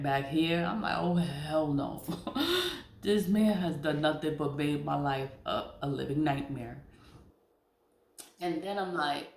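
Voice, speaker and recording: Middle-aged woman, casual confessional storyteller: blunt, profane, quick to laugh; echoey room. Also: low voice. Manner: blunt and candid, swears freely, laughs between lines. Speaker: spiritual content creator. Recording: roomy echo.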